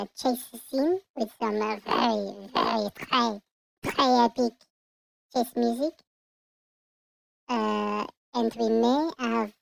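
A player voicing a dramatic small French baby in a mock French accent with French words thrown in, through a pitched-up childlike voice. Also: gravelly, a little hiss or hum, low-quality recording.

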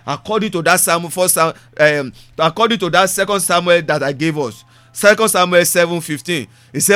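A man preaches a sermon in a high, bright voice, hammering points home by repeating phrases. His English bends grammar loosely. The sound is dry and close. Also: brisk, smooth, dry recording. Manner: preaching with repetition and rising emphasis.

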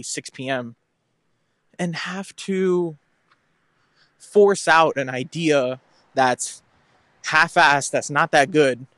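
A man's voice: mid-range voice, fairly bright tone, dry recording. Rambling man podcasting on a walk. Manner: rambling, self-correcting and candid. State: slightly out of breath from walking. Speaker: podcast host. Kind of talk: casual walking monologue. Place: outdoors on a walk. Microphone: phone.

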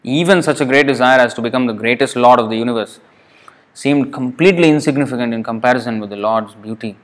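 A man's voice: mid-range voice, fast. A man retelling a devotional story in a loose, digressive way, full of fillers and self-corrections.

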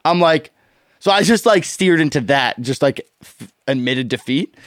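A young man hosting a casual podcast chat, telling a story in an animated way, laughing often and swearing freely. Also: fairly high pitch, normal speed, no room sound, studio quality. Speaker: podcast host.

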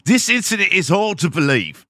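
A man's voice: high-pitched, very animated, normal speed, bright, forceful tone, no room sound, studio quality, pitched above the performer's own voice, heavily acted. Man putting on a prim British airline spokesman. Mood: indignant. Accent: mock British.

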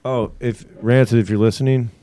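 A man's voice: mid-range voice, fairly even intonation, fairly quick, dark tone, dry recording. A man, talking crude and rambling on a casual podcast, swearing often. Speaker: podcast co-host, band member.

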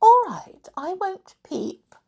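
A woman doing a high, indignant little girl. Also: big pitch swings, slow, heavily acted. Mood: sly. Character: curious, sulky little girl.

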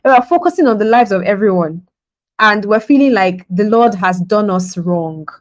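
A woman's voice: medium pitch, expressive, moderate pace, rough recording. Conversational woman preaching a devotional. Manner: conversational, laughs often, acts out scenes. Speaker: podcast preacher. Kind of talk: devotional podcast sermon.

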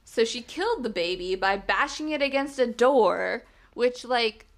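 A woman's voice: on the high side, expressive, a little slow. A woman co-hosting a podcast in casual chat, blunt and swearing freely. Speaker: podcast co-host.

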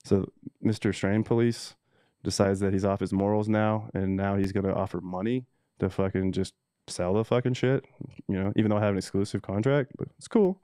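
A man's voice: on the low side, fairly even intonation, a little fast, mellow, clear, resonant tone, dry recording, clean studio sound. A man telling a heated, profanity-filled story in a casual monologue, ranting and reading messages aloud. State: emotional, teary at times. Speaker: cannabis seed breeder telling a story.

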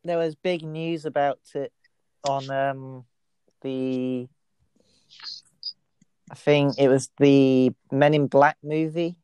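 A man's voice: medium pitch, fairly even intonation, slow pace, long pauses, dark tone, clear, resonant tone, dry recording. A man co-hosting a podcast who tells stories in casual chat, with a hesitant, rambling delivery. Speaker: podcast co-host.

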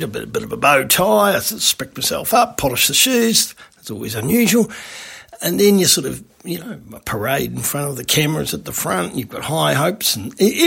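Brief: middle-aged man, rambling storyteller, gravelly, very husky voice. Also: medium pitch, fairly bright tone. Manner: rambling, lots of restarts. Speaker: radio ad salesman. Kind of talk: casual storytelling.

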